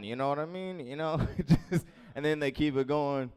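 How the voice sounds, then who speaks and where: A man doing stand-up on a club stage, laid-back and mumbling, breaking into bursts of shouting at the crowd. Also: a little high, fairly quick, hardly any pauses, clean tone. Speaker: stand-up comedian.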